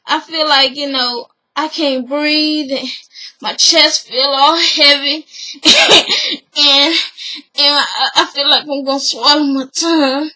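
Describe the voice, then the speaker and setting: A woman's voice: sits high, takes it slowly, pushed and bright, full character voice, poor audio. Woman putting on a panicky country woman. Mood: anxious. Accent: Southern US rural.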